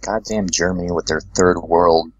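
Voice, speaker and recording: A man co-commentating a let's play with deadpan, dry jokes in casual chat. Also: sits low, normal speed, highs cut off.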